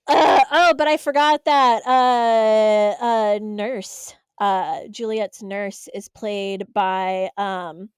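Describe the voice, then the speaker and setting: A young woman co-hosting a podcast, chatting casually in a blunt, sarcastic way and retelling scenes with animated voices. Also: medium pitch, slow, hardly any pauses, clean tone, no echo. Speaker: podcast co-host. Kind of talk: casual chat.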